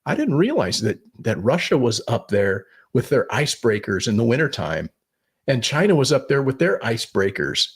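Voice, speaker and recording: A man's voice: medium pitch, lively intonation, moderate pace, breathy edge. A man co-hosting a podcast, giving blunt political opinions, swearing and rambling with restarts. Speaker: podcast co-host.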